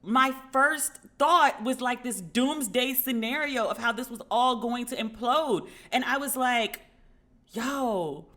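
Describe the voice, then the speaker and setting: Bright, animated woman podcast host. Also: on the high side, slow. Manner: animated storyteller acting out dialogue, frank and profane. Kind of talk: casual commentary.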